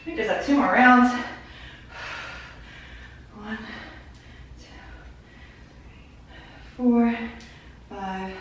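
Fitness instructor, woman, slow-paced rep counting, breathless, heard from across a very echoey room. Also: on the high side, fairly even intonation. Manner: counts reps aloud while exercising, short cues. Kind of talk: workout instruction. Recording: very echoey room, voice far from mic, faint noise.

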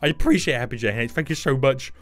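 A man streaming a game live, excitable and often breaking into shouts. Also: mid-range voice, very fast.

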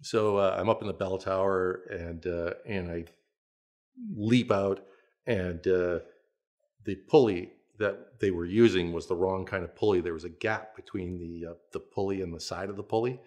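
A man in his sixties, a veteran stunt performer, telling anecdotes in an interview with a relaxed manner, frequent restarts and little chuckles. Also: low-pitched, unhurried. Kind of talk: interview storytelling.

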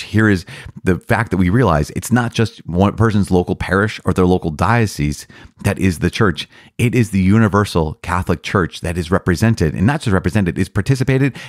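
Deep-voiced earnest priest teaching. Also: male voice, fairly quick, dry recording, studio quality. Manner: earnest, enthusiastic, with frequent restarts and soft laughs. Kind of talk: podcast teaching.

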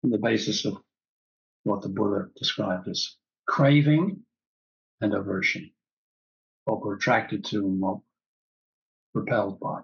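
A man teaching a breathwork class, calmly guiding the breath and repeating key phrases. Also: on the low side, measured pace, creaky, pauses often, lo-fi sound.

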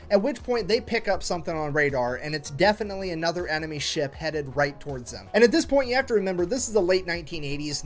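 A man telling military history as comedic storytelling, sarcastic and profane, acting out radio calls in quick voices. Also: sits high. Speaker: history commentator.

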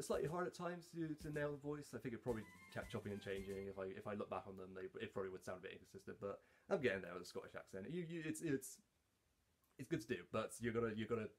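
A man talking casually about his hobby voice work, halting, with lots of fillers and restarts. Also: sits low. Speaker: hobby voice actor. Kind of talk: casual talk to camera.

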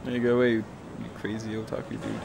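A man's voice: on the low side, completely flat delivery, fast talker, creaky, background noise. A man giving casual, profane and jokey commentary while playing a video game. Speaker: gameplay commentator. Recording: game music playing behind the voice.

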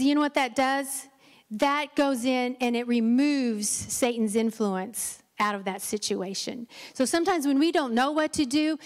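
A middle-aged woman giving an encouraging Mother's Day sermon from a church stage, often stumbling and restarting her sentences. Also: a little high. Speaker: pastor's wife preaching. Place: church sanctuary. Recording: long church hall reverb.

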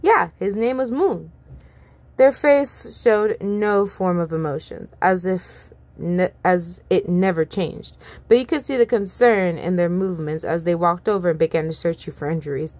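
A woman reading fan fiction aloud, expressive and giggly, with chatty asides to her listeners. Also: lowish voice, normal speed, no room sound. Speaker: story reader.

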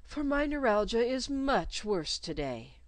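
A woman playing a whiny storybook governess, coaxing and reproachful, pitched up, close and dry. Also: sing-song, a little slow, dry recording. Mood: plaintive. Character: fussy, self-pitying small woman governess.

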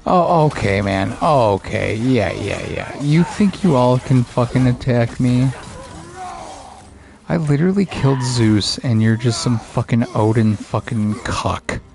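A man's voice: medium pitch, a little slow, gravelly, darkish tone. A man giving profane, frustrated commentary while playing a video game. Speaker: gaming streamer. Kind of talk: casual let's play commentary.

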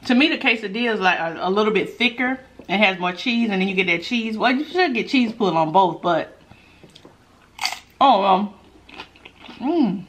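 A woman's voice: medium pitch, animated, moderate pace, long pauses, a bit bright. Giggly woman hosting an eating show. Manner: chatty, giggly, talks to viewers while eating. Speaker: mukbang host. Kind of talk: casual eating-show chat.

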